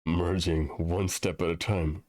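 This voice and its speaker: A man narrating as game master of a tabletop game, halting, with spoken sound effects. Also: deep voice, little pitch movement, a little mellow, dry recording, clean studio sound.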